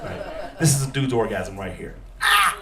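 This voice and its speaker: A man's voice: fairly low pitch, moderate pace, vocal fry, recorded from a distance, heavy background noise. A man doing a stand-up comedy set on a club stage, working the crowd and acting out characters. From Texas. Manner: crowd work, acts out characters in put-on voices. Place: comedy club stage before a live audience. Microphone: handheld stage mic. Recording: roomy club sound with crowd laughter. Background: audience laughter.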